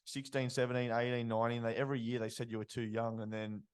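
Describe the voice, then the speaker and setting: A man hosts a casual podcast interview. He mostly gives short agreeing replies and sums up the guest's past before asking his questions. His voice sits at a middle pitch for a man. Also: level tone, fast, clean tone. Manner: brief agreeing replies, leads with recaps. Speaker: podcast host.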